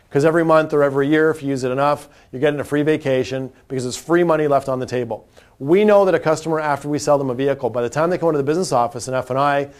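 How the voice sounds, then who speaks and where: A man teaching car sales technique, talking directly and acting out quick salesman and customer exchanges. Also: on the high side. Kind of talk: sales training talk with role-play examples.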